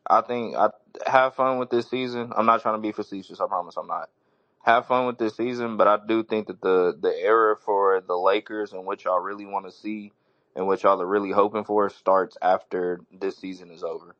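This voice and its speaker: A man's voice: on the low side, fairly even intonation, moderate pace, fairly bright tone, dry recording, highs cut off. A man on a sports podcast giving his earnest take in a casual way, calling everyone bro.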